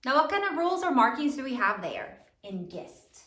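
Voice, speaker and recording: A woman teacher giving a slow, sing-song spelling lesson to third graders. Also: high-pitched, sing-song, a bit bright, echoey room.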